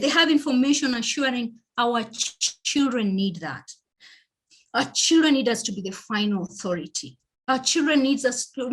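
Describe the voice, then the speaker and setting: A woman's voice: fairly high pitch, fairly bright tone. A woman with a Kenyan accent giving a motivational parenting presentation, speaking emphatically, repeating key phrases and checking in with her listeners.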